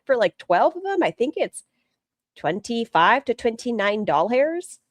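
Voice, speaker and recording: A woman's voice: a little high, sing-song, a little slow, no room sound. A woman chats through a live stream in a voice that swings up and down, never staying level for long. She swears freely and talks back to her chat. The sound is dry and close, with no room around it. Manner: chatty, profane, reads chat aloud. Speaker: streamer reacting to a video.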